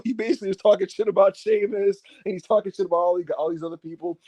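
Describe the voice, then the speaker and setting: A man co-hosting a casual wrestling review show, animated and profane, laughing often and acting out what people said. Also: high-pitched, rapid-fire, few pauses, no echo. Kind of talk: casual show recap chat.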